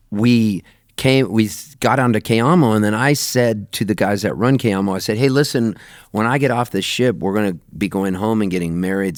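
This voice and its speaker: A middle-aged man telling lively anecdotes in a radio interview, laughing often and jumping his voice up high when he quotes himself. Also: no room sound, clean studio sound. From Canada, raised in Southern California. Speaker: touring musician, guest. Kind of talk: animated storytelling in a radio interview.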